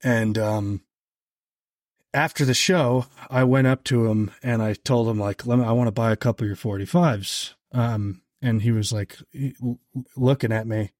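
A man guesting on a podcast, telling an anecdote in a casual, animated way, with lots of "like" fillers. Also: moderate pace, no echo, clean studio sound. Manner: animated, heavy on "like" fillers, jumps higher when quoting others. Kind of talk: casual storytelling chat.

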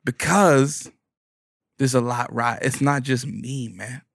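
A man with a Bronx New York accent telling a comic story. He is animated and profane, full of street slang, and keeps riffing off his own jokes. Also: mid-range voice, takes it slowly, gravelly, no room sound, studio quality. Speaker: stand-up comedian. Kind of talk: comedic storytelling monologue.

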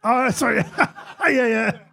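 A man's voice: very high-pitched, steady tone, slow, vocal fry, bright, forceful tone. A man, a musician guest at a live on-stage Q&A, telling chatty anecdotes with frequent laughter and casual swearing. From England.

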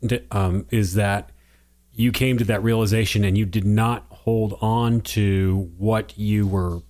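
A man's voice: on the low side, fairly even intonation, unhurried, a little mellow. A man co-hosting a casual conversation, reflective and teacherly with some joking.

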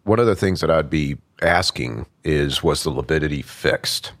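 Very deep-voiced man, methodical analyst. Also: normal speed. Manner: methodical and instructive. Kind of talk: analytical commentary.

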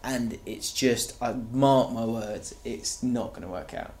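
Animated man ranting about football. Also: mid-range voice, slow pace, slight background noise. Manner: animated, ranting, frequent restarts. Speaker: podcast co-host. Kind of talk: casual football chat.

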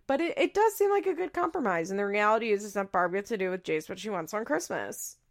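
A woman's voice: mid-range voice, expressive, fast. A woman hosting a podcast, chatting casually and laughing often as she recaps. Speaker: podcast host.

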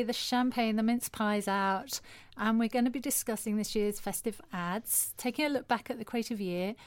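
A woman hosting a podcast, chatting casually with guests, laughing easily and pausing on frequent ums. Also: medium pitch. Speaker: podcast host. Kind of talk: casual chat.

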